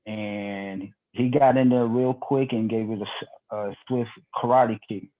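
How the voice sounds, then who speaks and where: A man's voice: fairly low pitch, fairly even intonation, unhurried. A man co-hosting a casual wrestling chat, giving his opinions hesitantly and stammering. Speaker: podcast co-host. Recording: tinny phone-like line.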